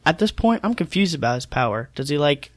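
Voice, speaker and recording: A man joins a casual film podcast, asking questions and thinking out loud. His voice sits mid-range on a dry, close recording. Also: a little high, sing-song, fast, no room sound. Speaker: podcast guest. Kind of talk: casual chat.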